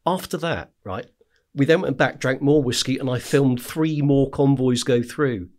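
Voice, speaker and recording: Guy spinning wild stories, keeps asking "right?", mid-pitched voice, laughs a lot. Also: a little slow. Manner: animated storyteller, frequent "right?" asides, laughs while telling. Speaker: podcast guest, war correspondent. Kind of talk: casual storytelling chat.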